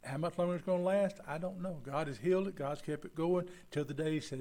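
A man's voice: fairly high pitch, quick pace, dark tone. A man preaching a folksy sermon as pastor, acting out the people he quotes. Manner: folksy, acts out quoted voices.

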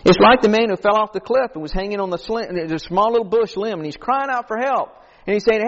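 A man preaches in an earnest, folksy manner, his voice sitting a little higher than most men's. He leans on homespun stories to drive his points home. The sound is dull and lo-fi, with a long reverb that trails through a big hall. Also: expressive, a little fast. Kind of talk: sermon. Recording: echoey hall, dull lo-fi recording.

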